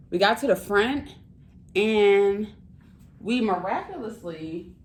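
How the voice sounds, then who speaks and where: Animated young woman vlogger, echoey room. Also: mid-range voice, very slow. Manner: animated storytelling, frequent swearing and laughter. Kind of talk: casual travel vlog chat. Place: hotel room. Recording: echoey room, camera at a distance.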